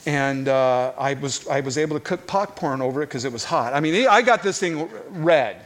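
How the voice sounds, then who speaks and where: A middle-aged male preacher with a fairly high voice delivers an animated sermon full of stories. He often repeats words as he pushes through a thought, and his energy rises and falls with the telling. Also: normal speed.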